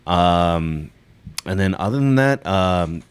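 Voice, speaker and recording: A man co-hosting a casual podcast chat, recapping favorite scenes with many pauses and ums. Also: low voice, lively intonation, smooth. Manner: rambling, hesitant with many ums. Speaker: podcast co-host.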